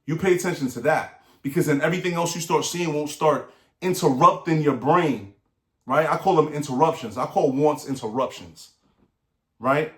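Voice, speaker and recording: Middle-aged man, somewhat high voice, earnest motivational talk that keeps checking in with the listener, roomy echo. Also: normal speed. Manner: earnest, repetitive, asks the listener "right?". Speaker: motivational speaker.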